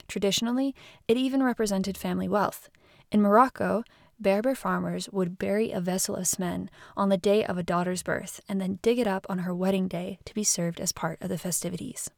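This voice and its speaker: A woman giving scripted documentary narration in an even, measured reading. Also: mid-range voice, gravelly, no echo, studio quality.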